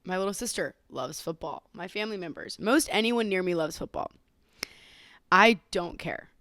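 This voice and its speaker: A woman's voice: lowish voice, animated, moderate pace, sharp tone, no room sound. A young woman with a Southern accent hosting her podcast in a casual, giggly, self-mocking chat while sick with covid. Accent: Southern American. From Southern United States. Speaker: podcast host. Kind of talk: casual chatty monologue.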